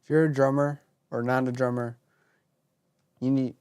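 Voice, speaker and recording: A man sitting in on a casual podcast, chiming in with short, blunt comments. His voice is of ordinary middle pitch. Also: flat delivery, normal speed, darkish tone, clean tone. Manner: short blunt interjections with swearing. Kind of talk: casual chat.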